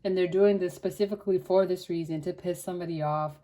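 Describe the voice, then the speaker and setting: Chatty young woman with a mellow voice. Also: fairly low pitch, steady tone, fast talker. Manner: chatty, slangy, loose with fillers like "like". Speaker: tarot reader. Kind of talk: casual tarot reading.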